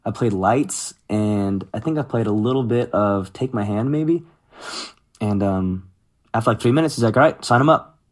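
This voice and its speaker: A man's voice: fairly low pitch, moderate pace. A man in his thirties telling stories from his music career in a casual interview, acting out what others said. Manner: animated, quotes others in lively voices.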